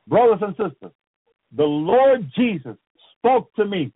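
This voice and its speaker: A man's voice: high voice, animated, a little slow, slightly rough, no echo. A man preaching about the end times on a radio program, fervent and repetitive, breaking in often with praises to the Lord. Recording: tinny phone-like radio broadcast.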